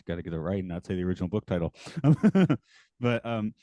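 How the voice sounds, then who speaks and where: A man co-hosting a casual discussion podcast, talking in a relaxed way and laughing often. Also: sits low, fast talker, dry recording. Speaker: podcast co-host.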